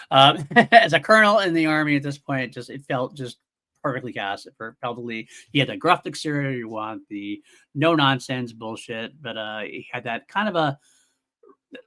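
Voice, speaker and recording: A man's voice: mid-range voice, bright, forceful tone. Earnest middle-aged man analyzing films. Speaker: podcast co-host. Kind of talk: casual film review chat.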